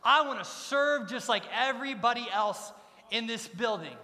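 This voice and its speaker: A middle-aged pastor delivers a sermon in a church sanctuary, his very high voice animated, bright and forceful at a normal speed. He is emphatic and keeps repeating his key lines. The recording carries the long reverb of a large church hall.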